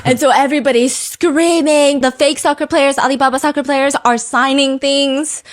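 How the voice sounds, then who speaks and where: A woman hosting a podcast, telling a story in casual chat, animated, laughing often and swearing casually. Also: high voice, normal speed. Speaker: podcast host.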